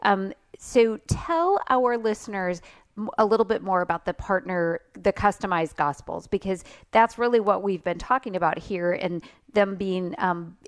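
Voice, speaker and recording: Woman co-hosting a talk radio show. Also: medium pitch.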